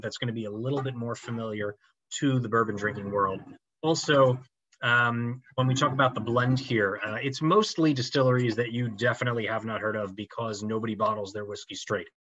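A man's voice: mid-range voice, fairly quick, a bit bright. Man explaining whisky on a dull call. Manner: knowledgeable, conversational. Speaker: whisky tasting presenter. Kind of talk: informal explanatory talk. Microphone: video call. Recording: dull, dry call audio.

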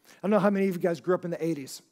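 High-voiced pastor preaching conversationally. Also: male voice, rapid-fire, a little mellow. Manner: conversational, asks the congregation questions, restarts often. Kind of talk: sermon. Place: church service before a congregation.

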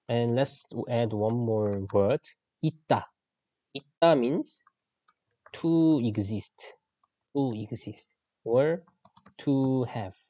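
A man's voice: mid-range voice, mellow, no echo, highs cut off. Korean-accented man teaching with patient repetition. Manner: patient, repeats key phrases, mixes Korean words into English. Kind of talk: online language lesson.

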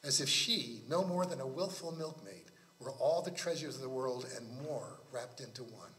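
A man's voice: medium pitch, lively intonation, moderate pace, fairly bright tone. Man reading his novel aloud. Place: library talk.

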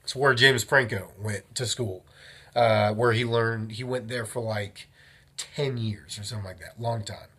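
Rambling husky young man vlogging. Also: lowish voice, measured pace. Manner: rambling, animated storytelling with self-interruptions. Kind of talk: casual vlog monologue.

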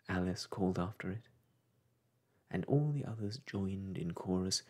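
A man reading a classic story aloud in a soft, gentle storytelling voice. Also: low voice, moderate pace, pauses often.

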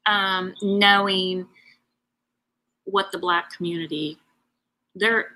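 Bright-voiced woman, heartfelt and rambling. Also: on the low side, low-quality recording. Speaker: craft show host. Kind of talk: casual live-stream chat.

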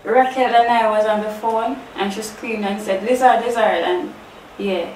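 An actress with a Jamaican accent playing an accused wife, defensive and insistent. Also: female voice, on the high side, steady tone, normal speed, darkish tone, natural voice. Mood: anxious. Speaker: actor. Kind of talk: low-budget film acting. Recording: distant, echoey room, faint hiss.

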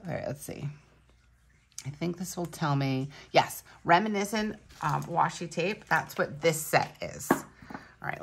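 A woman chatting casually at home as she unboxes planner supplies, excitable and gushing, thinking aloud as she goes. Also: low-pitched, breathy edge. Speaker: planner vlogger. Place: home room.

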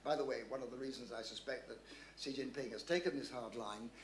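A man's voice: medium pitch, a little fast, slight background noise. A man giving a talk and answering audience questions, thoughtful and anecdotal, often restarting his sentences. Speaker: guest speaker. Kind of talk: public lecture Q&A answer. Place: club function room. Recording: roomy hall echo.

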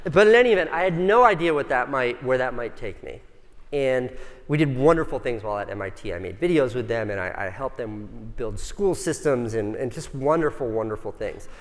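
A man's voice: medium pitch, lively intonation, a little fast. Chatty, profane man on a hall stage. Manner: casual, profane, self-mocking, chatty with the audience. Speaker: conference speaker. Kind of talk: casual storytelling talk. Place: large conference hall stage. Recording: long reverb from a large hall.

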